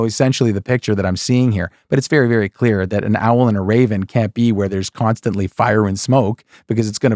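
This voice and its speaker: A man's voice: fairly low pitch, darkish tone, dry recording, clean studio sound. A man teaching scripture in a casual, joking way, asking his listeners rhetorical questions and often saying "okay" and "folks.". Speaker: Bible teacher.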